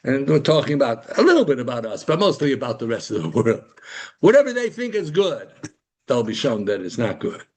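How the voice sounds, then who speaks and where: A man's voice: mid-range voice, very animated, fairly quick, darkish tone, breathy edge. A man teaching a Torah class to a live group, asking rhetorical questions and answering them himself, with Hebrew terms woven into English.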